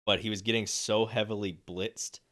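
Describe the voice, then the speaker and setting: This sports podcast co-host is a young man with a lowish, slightly bright voice, a level tone, and a normal pace. His casual talk about games rambles, with many fillers and restarts.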